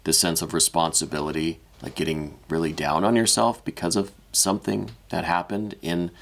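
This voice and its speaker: A man giving a weekly tarot reading, speaking gently and hesitantly, with many restarts, and openly emotional and apologetic. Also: low-pitched, level tone, normal speed, gravelly. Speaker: tarot reader.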